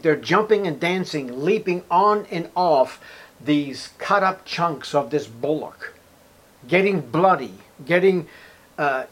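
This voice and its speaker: A man preaching a sermon with dramatic storytelling, loud emphatic bursts and sarcastic rhetorical questions. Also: fairly high pitch. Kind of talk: expository sermon.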